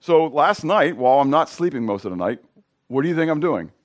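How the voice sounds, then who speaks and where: A middle-aged male pastor with a hoarse voice, preaching in a casual, conversational way and questioning his congregation. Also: on the high side, animated, brisk. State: hoarse from sinus drainage. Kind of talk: sermon.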